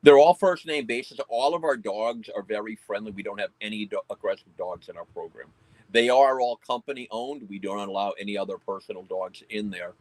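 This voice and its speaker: Low-voiced man explaining his work plainly. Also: brisk, darkish tone, no room sound, rough recording. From United States. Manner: plain, matter-of-fact explaining. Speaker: pest control company owner and dog handler. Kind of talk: casual conversational interview.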